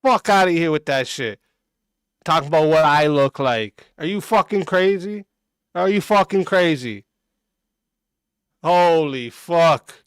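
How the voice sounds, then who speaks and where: A man's voice: a little high, lively intonation, unhurried, pauses often, clear, resonant tone, dry recording. A man streaming a reaction and ranting back at a clip, aggressive and mocking, cursing constantly. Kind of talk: profane reaction rant.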